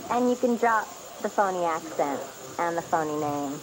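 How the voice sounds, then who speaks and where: A frantic young student. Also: female voice, lowish voice, lively intonation, measured pace, crowd noise, poor audio. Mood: defiant. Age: young adult. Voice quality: agitated, pleading. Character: young female student, anxious and defiant. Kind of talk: 1990s TV soap opera acting. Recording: TV audio with music underneath.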